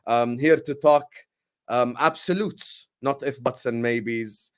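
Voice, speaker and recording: A man hosting a football livestream, talking in a hype, energetic way with lots of ums and uhs. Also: mid-range voice, slow pace, smooth. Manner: energetic, hype-style announcing with frequent fillers. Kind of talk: casual livestream chat.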